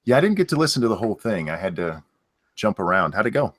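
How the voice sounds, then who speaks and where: Wry, swearing man with a low voice. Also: very animated, quick pace, no room sound, studio quality. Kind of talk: casual podcast chat.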